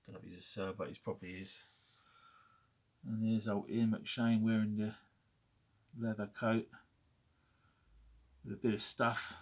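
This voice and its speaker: Husky rambling British man in his forties. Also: on the low side, flat delivery, a little slow, pauses often. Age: 40s. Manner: rambling, self-correcting, wry. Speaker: collector showing memorabilia. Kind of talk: casual chat.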